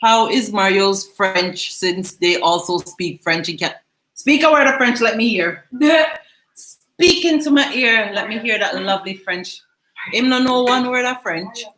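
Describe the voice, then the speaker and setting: Bright-voiced Jamaican woman vlogger. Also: a little high, measured pace, roomy sound, low-quality recording. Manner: chatty and laughing, patois phrases. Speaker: vlog host. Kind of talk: casual chat reading viewer comments.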